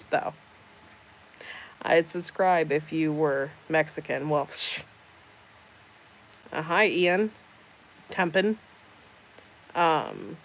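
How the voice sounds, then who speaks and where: Woman streamer, low voice, unhurried delivery, sarcastic and teasing as she answers chat. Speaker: livestream host. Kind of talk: casual livestream chat reading comments.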